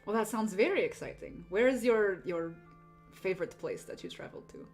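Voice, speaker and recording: A woman running a tabletop game, casual and chatty with plenty of fillers. Her voice sits at a middle pitch, and faint music plays underneath. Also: very animated, a little fast, darkish tone. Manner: casual, laughing, filler-heavy. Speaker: game master.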